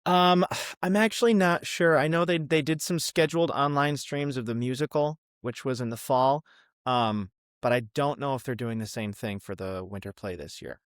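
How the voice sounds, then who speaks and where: A man's voice: mid-range voice, normal speed, smooth, no room sound, studio quality. Easygoing young man in his twenties. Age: 20s. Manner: friendly, easygoing, many ums and uhs. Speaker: podcast guest, student. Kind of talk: casual interview.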